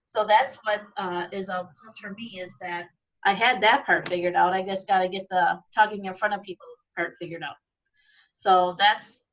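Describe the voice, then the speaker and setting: A woman speaks hesitantly on a video call, pausing often and filling gaps with ums. Her voice sits at a middle pitch. She sounds set back from the microphone, as if she is sitting some way from her laptop. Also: a bit bright, far from the mic, rough recording. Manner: nervous, hesitant, many fillers. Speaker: guest. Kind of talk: casual video-call chat.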